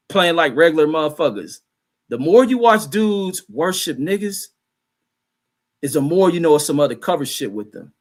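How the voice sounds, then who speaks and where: Ranting man reading chat comments. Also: a little high. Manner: blunt, heated ranting, reads comments aloud. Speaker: livestream host reading chat. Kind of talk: casual profane commentary.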